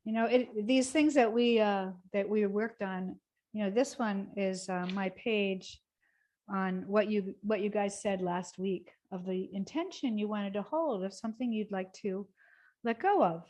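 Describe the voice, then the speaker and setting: A woman teaching a gentle yoga class, guiding softly and slowly, then bursting into cheers and laughter exercises. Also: medium pitch. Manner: soothing and slow, breaking into loud laughter and cheers.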